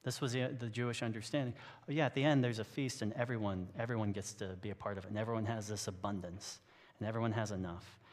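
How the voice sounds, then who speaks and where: A man's voice: lowish voice, steady tone, quick pace, big-room sound. A man giving a sermon as a pastor, talking in a casual, joking way with frequent restarts. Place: church sanctuary.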